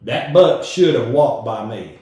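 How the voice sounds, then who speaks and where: Animated Southern man telling a story. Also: medium pitch, measured pace. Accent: Southern US, Tennessee. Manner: animated, folksy, acts out quoted voices. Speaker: podcast host. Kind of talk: casual storytelling. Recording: roomy echo, far from mic.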